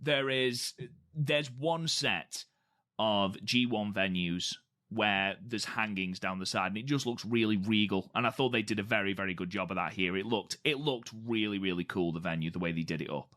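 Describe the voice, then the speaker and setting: Guy on a podcast, bright sharp voice, keeps saying "really, really". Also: fairly low pitch, normal speed. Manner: chatty, repeats words for emphasis. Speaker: podcast co-host. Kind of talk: casual podcast chat.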